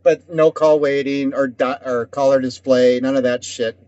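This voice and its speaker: A man's voice: mid-range voice, fairly even intonation, moderate pace, darkish tone, clear, resonant tone, no room sound. A man telling stories in casual profane chat as podcast co-host, rambling and acting out voices. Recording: dull lo-fi dry sound.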